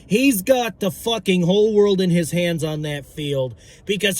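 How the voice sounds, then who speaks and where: A young man ranting about football, excitable and profane, shouting and stumbling over his words. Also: sits high, measured pace, hardly any pauses, no room sound. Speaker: sports fan vlogger. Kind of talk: ranting fan commentary.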